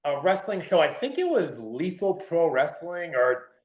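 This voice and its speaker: A man's slightly high, sing-song voice comes across a little slow and a little mellow. He's a New England podcast guest in a casual interview chat, rambling and using "like" and "dude" heavily, recorded in an echoey room.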